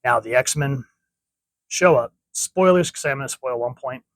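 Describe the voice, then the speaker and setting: A man's voice: mid-range voice, a little slow, a bit bright, no echo, poor audio. Rambling chatty male comic reviewer. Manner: rambling, self-correcting, chatty. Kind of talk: casual comic review monologue.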